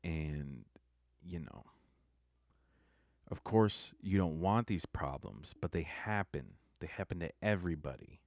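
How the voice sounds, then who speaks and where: Deep, slow, subdued young man. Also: animated, a little mellow, no room sound, clean studio sound. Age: young adult. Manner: subdued, rambling, halting. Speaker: vlogger. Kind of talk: confessional monologue.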